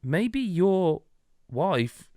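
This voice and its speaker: A man voicing a calm, caring woman who advises gently and slowly. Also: high-pitched, dry recording, studio quality, voice pushed up, heavily acted. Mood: gently advising.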